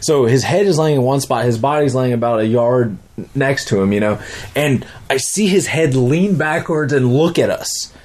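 A man's voice: mid-range voice, normal speed. A young man casually recounting a vivid dream, rambling and swearing as he goes. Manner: rambling, swearing, lively retelling with restarts. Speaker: dad telling a dream. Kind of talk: casual storytelling.

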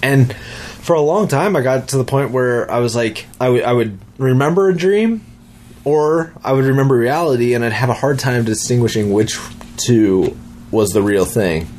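There's a little hiss or hum behind this young man's medium-pitched voice as he speaks at a normal pace. A dad, he casually recounts a vivid dream, rambling, swearing, and restarting in a lively way.

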